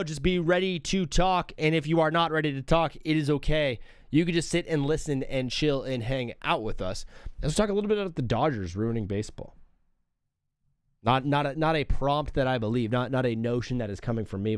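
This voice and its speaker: A man in his thirties hosting a live sports talk show, rambling and animated, calling people "bro.". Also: medium pitch, smooth, dry recording, clean studio sound.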